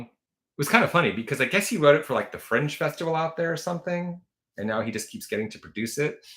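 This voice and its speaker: A man's voice: medium pitch, fairly bright tone. A man hosting a casual livestream, telling rambling stories full of fillers and self-corrections. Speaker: livestream host.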